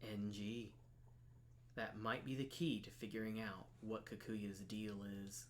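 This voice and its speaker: A man's voice: on the low side, fairly even intonation, a little slow, slight background noise. Playful man streaming a game. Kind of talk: casual let's-play commentary and reading.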